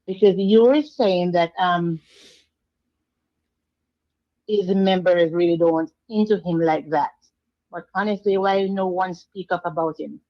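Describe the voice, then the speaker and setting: A Jamaican woman calling in to a talk show, earnest and measured. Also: fairly low pitch. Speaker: caller. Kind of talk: phoned-in call to a talk show. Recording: muffled phone line.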